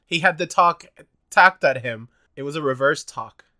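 Woman, co-host, casual chat, deep voice, lively intonation, short reactive remarks. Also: normal speed. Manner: short reactive comments, laughs and quips. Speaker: podcast co-host.

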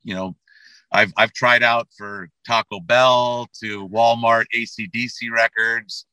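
A middle-aged man talks loosely as an interview guest, circling back and repeating his words as he goes. His voice is bright and forward, and the sound is dry and close, with no room around it. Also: mid-range voice, fairly even intonation, slow, clear, resonant tone, dry recording, poor audio. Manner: rambling, repeats words, many fillers. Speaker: metal band frontman and guest. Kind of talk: casual interview chat.

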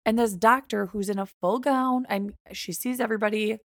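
A young woman chatting casually on a podcast, her voice carrying a lot of gravelly fry. She retells events with animation, playing out each side of the conversation. The sound is dry and close. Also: medium pitch, moderate pace, no room sound. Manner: animated retelling, acts out both sides of quoted dialogue. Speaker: podcast co-host. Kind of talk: casual storytelling chat.

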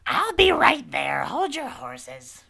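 A woman voicing a hunched old witch who is sweetly cheerful and gushes in a high singsong voice. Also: wildly swooping pitch, slow pace, vocal fry, pushed and bright, exaggerated voice. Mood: gushing.

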